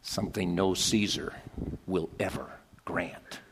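A man preaching a dramatic sermon, swinging from hushed whispers to shouted climaxes. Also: low voice, fairly even intonation, slow pace, noisy background. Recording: long reverb of a large hall.

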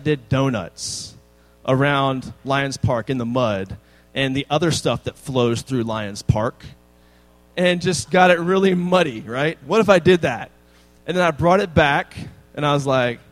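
Pastor, man in his thirties, casual storyteller in a sermon, fairly high voice, faint music under it. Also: low-quality recording. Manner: casual storytelling with humor, animated quoted dialogue.

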